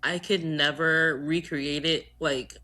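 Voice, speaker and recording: A Trinidadian American woman co-hosting a podcast in casual chat, animated and joking, swearing freely. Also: deep voice, slow pace. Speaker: podcast co-host.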